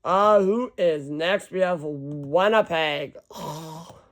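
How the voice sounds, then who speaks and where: A man's voice: a little high, slow pace, fairly bright tone. A man in casual solo commentary, rambling and correcting himself as he reads long lists of teams aloud. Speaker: hockey fan ranking team schedules.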